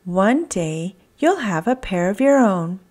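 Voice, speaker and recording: A woman's voice: medium pitch, very animated, takes it slowly, darkish tone. A woman voicing a chatty, wisecracking male butterfly in a children's storybook reading. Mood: breezy. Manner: breezy, wisecracking.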